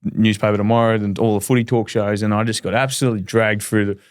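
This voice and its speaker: A man in his thirties with an Australian accent, telling his story candidly in a relaxed podcast chat. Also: lowish voice, dry recording, clean studio sound. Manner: rapid, candid, laid-back with frequent ums. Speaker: podcast guest, professional footballer.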